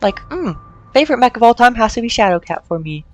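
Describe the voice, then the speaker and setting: A woman streamer chatting casually while playing a game, excitable and swearing freely. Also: on the high side, fast talker. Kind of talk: casual gameplay chat. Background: faint game music.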